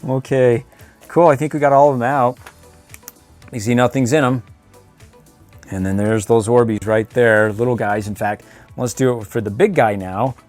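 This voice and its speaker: A man's voice: mid-range voice, steady tone, moderate pace, long pauses, darkish tone, faint music behind. A man hosting a casual toy review video, playful and ad-libbing, laughing often. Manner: playful, laughs often, ad-libs silly voices.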